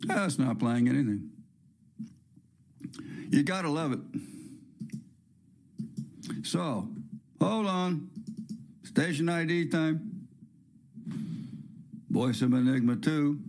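A man's voice: medium pitch, slow, pauses often, darkish tone. A man hosting a podcast, preaching in a fervent, emphatic monologue with repeated phrases and joking asides. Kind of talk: impassioned sermon-style monologue.

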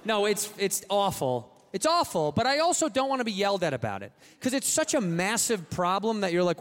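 A man in his late thirties rants on a comedy stage, his high voice swinging wildly in pitch as he works himself into mock outrage. He swears freely and sounds exasperated, and a steady wash of room noise sits under him. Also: brisk, hardly any pauses. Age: late 30s. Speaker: stand-up comedian. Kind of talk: stand-up rant. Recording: noisy live room ambience.

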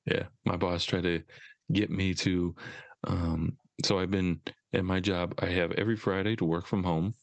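A man's voice: sits low, level tone, moderate pace, creaky, no echo. A man co-hosting a casual podcast, teasing and chatting playfully. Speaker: co-host.

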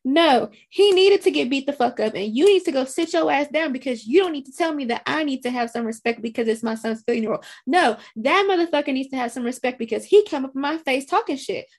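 A woman's voice: high voice, animated, fairly quick, hardly any pauses. A woman co-hosting a podcast in casual chat, blunt and heated, with a lot of swearing. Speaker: podcast co-host. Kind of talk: casual chat recapping a film.

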